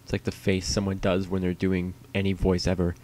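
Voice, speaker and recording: A man with a very low, mellow voice chats to himself on a livestream. His talk wanders and is full of swearing and jokes at his own expense, with the loose ease of someone killing time. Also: completely flat delivery, brisk. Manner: rambling, profane and self-mocking. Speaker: streamer. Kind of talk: casual solo livestream chatter.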